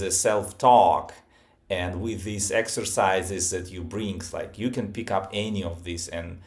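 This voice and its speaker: A male podcast host who speaks very slowly and hesitantly, often pausing on "uh" as he builds his questions. His voice sits fairly low. He sounds like he is working out each question as he goes. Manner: halting, with frequent "uh" fillers and restarts. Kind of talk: interview questions.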